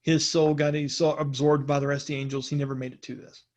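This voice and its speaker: A game master narrating a tabletop role-playing session in a relaxed, conversational way, asking players for rolls. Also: mid-range voice, fairly quick.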